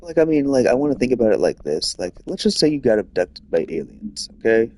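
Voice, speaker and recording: A man's voice: medium pitch, big pitch swings, fairly quick, dark tone. A man streaming a video game, rambling casually through a long train of thought with lots of filler words. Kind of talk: casual rambling commentary over gameplay.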